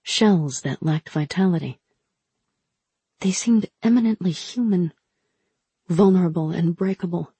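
A woman narrating a novel in a steady, measured reading. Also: on the low side, husky, dry recording. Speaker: audiobook narrator. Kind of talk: scripted narration.

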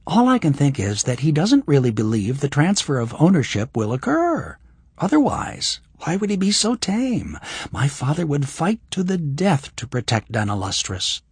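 Guy doing a young woman healer, frank and wry, pitched up, lively, bit husky. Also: dry recording. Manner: raised voice for a woman, expressive.

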